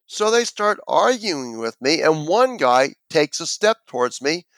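Male interview guest, a lively storyteller who voices the characters; slightly high-pitched, dry close recording. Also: a little slow, vocal fry, no echo. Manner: animated storyteller, acts out quoted voices.

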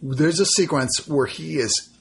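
A man chatting casually about films, enthusiastic and animated. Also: fairly high pitch, a little slow, creaky, breathy edge. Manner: enthusiastic, animated, quotes people in put-on voices. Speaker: podcast co-host reviewing films. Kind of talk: casual chat.

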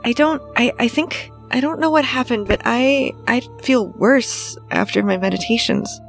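A woman's voice: on the high side, moderate pace, vocal fry, faint music behind. A woman playing a tabletop game, talking hesitantly and trailing off. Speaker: player. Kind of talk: casual tabletop play.

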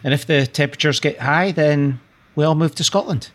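A man's voice: on the high side, brisk, a bit bright. A man co-hosting a podcast, chatting casually, joking and agreeing often. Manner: agreeable, jokey, frequent "that's right". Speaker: podcast co-host. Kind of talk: casual chat.

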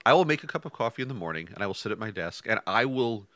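A man's voice: fairly low pitch, lively intonation, rapid-fire, sharp tone, no echo. A man co-hosting a podcast in casual chat from his home office, talking with stammering restarts and self-deprecating chuckles. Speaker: podcast co-host.

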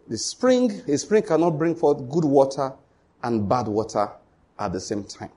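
A man's voice: mid-range voice, dark tone, husky. A man preaching a sermon, emphatic and repetitive, often asking the congregation whether they follow.

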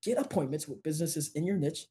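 A young man from New Jersey, a podcast guest telling stories and pitching business tips with energy. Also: fast talker. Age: young adult. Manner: energetic storyteller, pitching to listeners. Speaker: interview guest, business owner. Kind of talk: casual interview storytelling.

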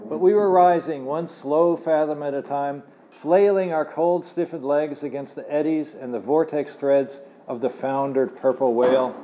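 A man's voice: on the high side, moderate pace, muffled recording. Man reading his novel aloud with wry asides. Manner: wry, expressive storyteller who adds asides. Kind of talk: live fiction reading to an audience. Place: cafe with a live audience.

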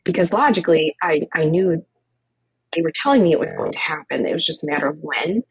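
A low, very husky woman's voice, recorded dry and a little muffled. She tells her story candidly and acts out each exchange, filling it with "like". It is a guest speaking on an interview podcast. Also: a little fast, no room sound. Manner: animated, acts out quoted dialogue with frequent "like" fillers. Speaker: podcast guest, cancer coach.

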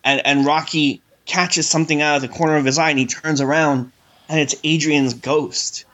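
A man's voice: fairly high pitch, steady tone, moderate pace, a bit bright, dull audio. A man co-hosting a casual film discussion, joking and rambling with fillers.

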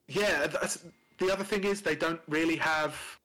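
A man's voice: on the high side, moderate pace, pushed and bright, rough recording. A man co-hosting a casual podcast chat, rambling with many fillers and restarts, and swearing now and then. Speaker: podcast co-host.

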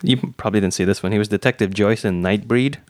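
A man in casual group chat, reading off actors' credits in a steady flow. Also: lowish voice, fast talker, noisy background. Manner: reads off cast trivia in a steady flow. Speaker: podcast co-host.

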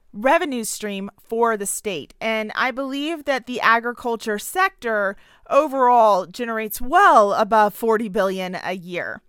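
A woman's voice: fairly high pitch, a bit bright, clear, resonant tone, dry recording, studio quality. A woman with a Southern accent delivering sarcastic, punchy political opinion commentary.

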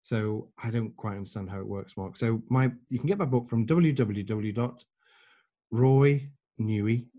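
Older guy, mellow dark voice, tells stories and does the voices of folks he quotes. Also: lowish voice, moderate pace, muffled recording. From England. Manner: animated anecdotes, acts out quoted voices. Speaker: guest. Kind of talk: conversational interview storytelling.

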